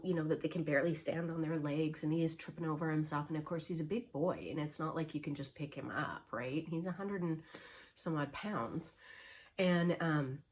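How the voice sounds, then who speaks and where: A middle-aged woman chatting casually as a cross-stitch vlogger, her voice sitting on the low side. She rambles through stories with plenty of ums and restarts. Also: a little mellow. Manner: rambling, chatty storytelling with many fillers. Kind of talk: casual chat.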